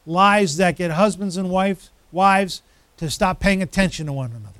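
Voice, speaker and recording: A man's voice: high-pitched, normal speed, fairly bright tone, clear, resonant tone, no room sound. A man preaching a sermon as pastor, emphatic, building through repeated phrases.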